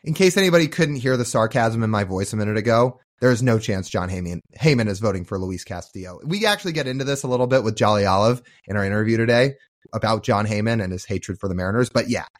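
A man's voice: lowish voice, expressive, fast. A man co-hosting a sports podcast, talking in a casual, sarcastic and jokey way. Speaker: podcast co-host.

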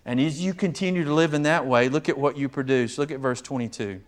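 A man preaching a sermon, animated, often acting out quoted voices of others. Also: medium pitch, quick pace, few pauses. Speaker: pastor.

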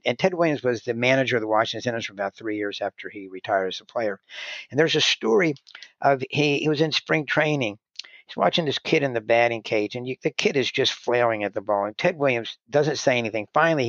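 A man's voice: mid-range voice, fairly bright tone, no echo. A man guest telling stories in casual conversation, often restarting his sentences. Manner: rambling, restarts sentences, heavy "you know" filler. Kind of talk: conversational storytelling. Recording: dull lo-fi dry sound.

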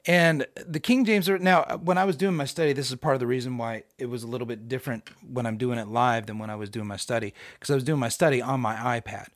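A middle-aged man giving an informal, conversational Bible teaching with emphatic rhetorical questions and bursts of excitement. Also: medium pitch, quick pace, hardly any pauses, no echo, studio quality. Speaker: podcast host teaching scripture.

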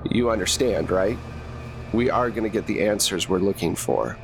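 A man playing a cold male government interrogator who speaks in calm, condescending threats. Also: on the low side, normal speed, creaky, over music, voice pushed down. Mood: menacing.

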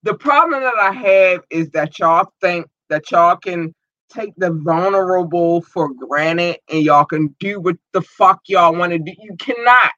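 Brief: outspoken woman streamer, tense bright delivery, dry, muffled stream sound. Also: fairly low pitch, measured pace, no echo. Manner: heated, profane, emphatic. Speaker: livestream host. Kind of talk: casual livestream rant. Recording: dull lo-fi stream audio.

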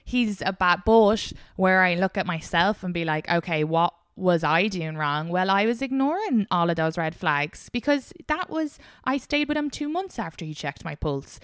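A young woman co-hosting a podcast, telling candid dating stories in a frank, animated way and laughing often. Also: mid-range voice, normal speed, few pauses, clean tone, dry recording, clean studio sound. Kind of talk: candid casual chat.

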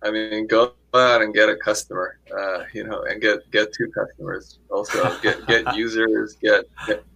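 Male interview guest, low gravelly voice with a bright edge, talks in fits and restarts. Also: fairly even intonation, poor audio. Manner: halting, many restarts and fillers. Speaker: guest investor. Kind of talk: casual interview talk.

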